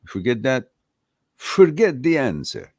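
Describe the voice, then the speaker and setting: Blunt, slow-talking man. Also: medium pitch, huge pitch swings, a little mellow, husky, dry recording, clean studio sound. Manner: blunt and profane, laughs often. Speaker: host of a live Q&A stream. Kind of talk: casual live-stream advice talk.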